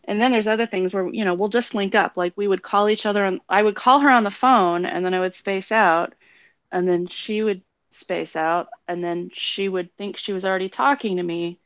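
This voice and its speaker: A woman's voice: medium pitch, steady tone, normal speed, fairly bright tone, smooth, no room sound. A woman co-hosting a casual talk show, telling stories and acting out what others said, laughing often. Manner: storytelling, acts out quoted voices, laughs often. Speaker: co-host. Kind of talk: casual chat. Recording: dull lo-fi sound.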